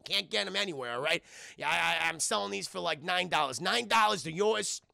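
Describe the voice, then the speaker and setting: Man putting on a hustler penguin, pushy sales patter, swearing, high voice. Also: animated, a little fast, creaky, pushed and bright, no room sound, exaggerated voice. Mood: wheedling. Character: shifty male penguin street hustler, pushy.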